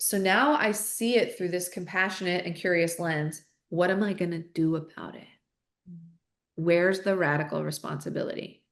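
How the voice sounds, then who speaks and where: A woman with a slightly low-pitched voice talks as a podcast guest. She is earnest, candid and animated, and often restarts a thought by repeating a few words. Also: vocal fry, echoey room. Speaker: podcast guest, author and coach. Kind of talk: interview conversation.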